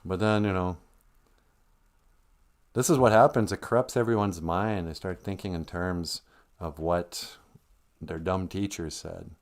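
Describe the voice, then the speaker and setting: A man's voice: sits low, unhurried, pauses often. A man hosting a casual livestream who rambles, chuckles and reads out viewer comments between tangents. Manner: rambling, chuckling, animated asides. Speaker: livestream host.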